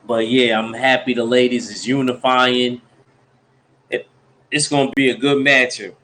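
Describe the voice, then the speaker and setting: A man's voice: medium pitch, fairly even intonation, moderate pace, bright, forceful tone, slight background noise, rough recording. A man hosting a casual live stream, talking loose slangy banter to his chat while he has the hiccups.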